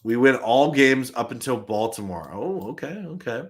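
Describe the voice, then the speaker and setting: Animated male stream host reading chat. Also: mid-range voice, normal speed. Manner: animated, chuckles often, frequent restarts. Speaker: host of a live fan stream. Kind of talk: casual live-stream chat, reading viewer comments.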